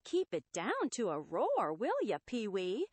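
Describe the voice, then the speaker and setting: Woman doing a gruff grumpy strongman, slangy, slow, husky, lively pitch, dry. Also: no echo, heavily acted. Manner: slangy, grumbling, dropped g's. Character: gruff rock-skinned male strongman, grumpy.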